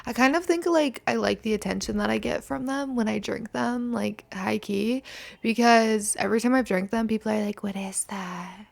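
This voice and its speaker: A woman's voice: a little high, normal speed, gravelly. A hungover woman in her twenties hosting a casual solo podcast, rambling and self-mocking and swearing freely. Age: 20s. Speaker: podcast host.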